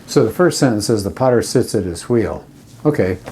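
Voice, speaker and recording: A man's voice: lowish voice, animated, fairly quick, mellow, a little hiss or hum. A man teaching an English writing lesson in a conversational lecture style, walking through example sentences step by step. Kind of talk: classroom lecture.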